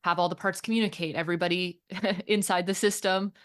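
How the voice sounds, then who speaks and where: A woman's voice: lowish voice, fairly even intonation, fairly quick. A woman co-hosting a casual parenting chat, earnest and reflective, thinking aloud as she talks. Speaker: podcast co-host and teen therapist.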